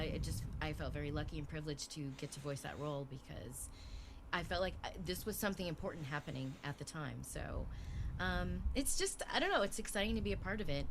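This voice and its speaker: A woman's voice: lowish voice, noisy background. A woman voice actor chatting as a guest on a livestream, hesitant with many fillers and effusive thanks. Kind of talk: casual chat on a video call stream.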